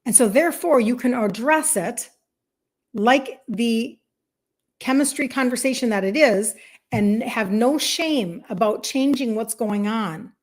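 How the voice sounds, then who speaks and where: Animated woman live-streaming health coaching. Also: on the high side, measured pace. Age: 50s. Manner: animated and emphatic, acts out inner voices; warm and encouraging, faith-tinged. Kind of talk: casual live-stream talk to viewers.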